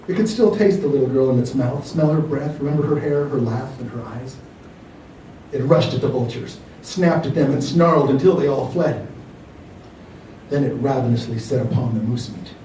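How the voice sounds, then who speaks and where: Mellow-voiced man reading his fiction aloud. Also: mid-range voice. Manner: measured, expressive storytelling. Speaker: author reading his work. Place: library reading room. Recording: roomy hall from far off, faint noise.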